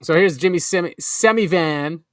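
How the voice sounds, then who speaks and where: A man's voice: a little high, moderate pace, no echo, clean studio sound. A man hosting a podcast, chatting in a jokey way and laughing often. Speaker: podcast host. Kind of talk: casual chat.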